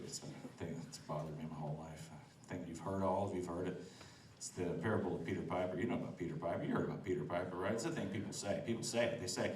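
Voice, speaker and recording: A comedian with a low voice and a quick pace works through an open-mic stand-up set outside a restaurant, loose and laughing as he teases the crowd. The mic is distant and the space echoey, with slight background noise.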